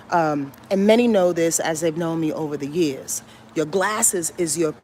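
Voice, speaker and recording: A woman's voice: lowish voice, unhurried, gravelly. A woman astrologer streaming from her phone, her voice swinging widely up and down as she talks. She swears freely and hammers her points home with repetition. A faint hum of ambience sits underneath. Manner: animated, profane, emphatic and repetitive. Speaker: astrologer hosting a weekly rundown. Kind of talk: casual livestream talk. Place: moving through a building. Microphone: handheld phone.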